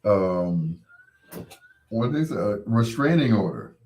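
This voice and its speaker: A man's voice: lowish voice, very animated, takes it slowly, darkish tone. A man hosting his show, telling a casual story, laughing as he acts out the people he quotes. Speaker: host.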